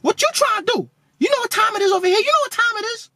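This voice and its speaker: A man imitating a big, hotheaded young man with a squeaky, high-pitched voice. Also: animated, rapid-fire, vocal fry, sharp tone, a little hiss or hum, heavily acted. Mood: hyped. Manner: hyped, threatening.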